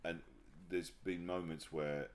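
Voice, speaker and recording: A man talking candidly as an interview guest, often pausing and restarting his sentences before warming into animated storytelling. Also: low voice. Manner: halting, restarts sentences, then grows animated telling anecdotes. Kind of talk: casual reflective conversation. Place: livestream conversation.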